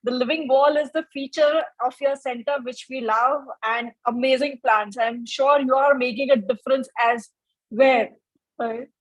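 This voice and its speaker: A woman with a high voice moderates an online webinar, and her voice sounds close and dry. She addresses the presenter in a warm, complimentary tone over a video call. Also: steady tone, moderate pace, no echo, rough recording. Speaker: webinar host.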